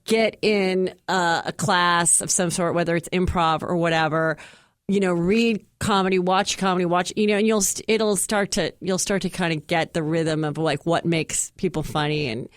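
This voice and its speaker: A woman from California's San Fernando Valley with a Valley girl accent, chatting quickly in an interview, saying "like" all the time and slipping into lively impressions. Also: on the low side, dry recording, clean studio sound. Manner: chatty, quick, says "like" a lot, animated impressions. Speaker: comedian guest. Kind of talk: casual interview chat.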